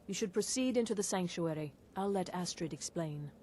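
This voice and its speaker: A composed female assassin who speaks formally and in measured phrases. Her voice is low for a woman. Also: animated, a little mellow.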